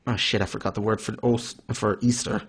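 A man's voice: fairly low pitch, little pitch movement, fairly quick, breathy edge. A man co-hosting a casual anime discussion, explaining things in a mock-formal lecturing way and correcting himself as he goes. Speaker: podcast co-host.

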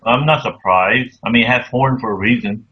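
A man's voice: medium pitch, normal speed, husky, lo-fi sound. A man co-hosting casual banter with laid-back, teasing asides.

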